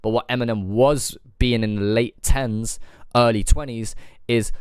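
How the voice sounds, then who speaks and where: A man's voice: fairly low pitch, unhurried, clear, resonant tone, no echo, studio quality. A man on a live stream reviewing new rap songs, thinking aloud and repeating lyrics to pick apart their rhymes. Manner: analytical, thinks aloud with fillers, repeats lyrics to break them down. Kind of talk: casual live-stream music reaction and breakdown.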